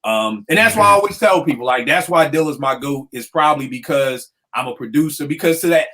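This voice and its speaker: A man hosting a casual talk about hip hop beats, a producer telling stories in lively slang. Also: a little high, brisk. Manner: animated storytelling with slang. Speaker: podcast host. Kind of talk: casual chat.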